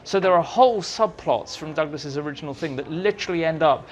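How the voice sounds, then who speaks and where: A man telling lively anecdotes as an interview guest, acting out the dialogue in his stories, in a meeting room with an audience. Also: a little high, a little fast. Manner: animated storyteller, acts out dialogue. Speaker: interviewee, writer.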